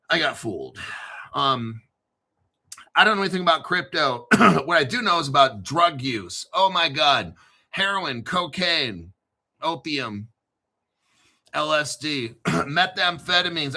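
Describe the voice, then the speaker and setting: Bright-voiced, joking man hosting. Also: fairly high pitch. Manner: joking, profane, storytelling. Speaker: crypto show host. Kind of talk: rambling casual monologue.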